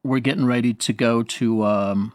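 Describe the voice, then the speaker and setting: A man's voice: medium pitch, steady tone, normal speed, a little mellow, no room sound, clean studio sound. A man, a saxophonist guest, telling rambling, self-deprecating stories and chuckling often. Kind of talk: anecdotal storytelling in conversation.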